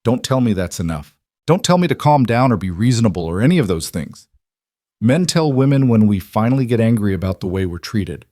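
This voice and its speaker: A man's voice: on the low side, very animated, fairly quick, dark tone, no room sound, clean studio sound. A man voicing a proud young frontier woman who speaks sharply and bitterly. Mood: indignant.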